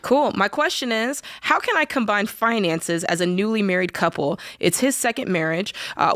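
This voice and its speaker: A woman co-hosting a radio advice show, reading out a listener's question and adding quick, chatty reactions. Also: medium pitch, fairly bright tone, no room sound, clean studio sound.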